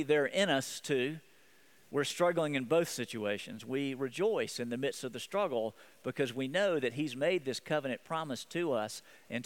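A man preaching a sermon as pastor, earnest, often repeating and restarting his phrases. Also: fairly high pitch.

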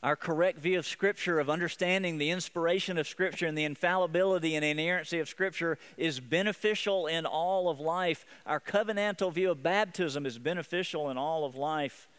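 A man's voice: a little high, brisk, few pauses, fairly bright tone, clear, resonant tone. A man preaching a sermon as pastor, earnest, often repeating and restarting his phrases.

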